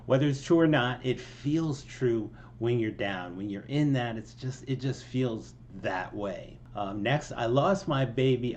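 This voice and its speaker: A man's voice: mid-range voice, a little hiss or hum. Rambling, self-mocking man musician. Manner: rambling and self-deprecating, with many ums and restarts, laughing now and then. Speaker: songwriter explaining his song. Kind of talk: casual line-by-line song breakdown.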